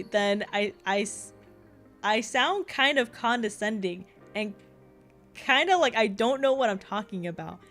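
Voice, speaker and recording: A young woman streaming casually as a VTuber, talking fast and rambling with frequent giggles and lots of fillers. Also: mid-range voice, lively intonation, a bit bright, soft background music.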